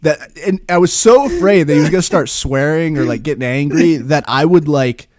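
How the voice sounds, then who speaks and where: A man hosting a podcast, telling a casual story in an animated, laughing and profane way. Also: on the high side, fairly quick, dry recording. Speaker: podcast host.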